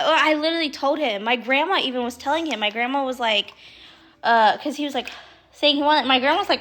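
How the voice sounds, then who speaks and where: Young woman, bright voice, fairly high pitch, rambling casual chat, swears and laughs, phone livestream from home. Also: a little fast. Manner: chatty, rambling, swears freely, laughs often. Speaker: livestream host.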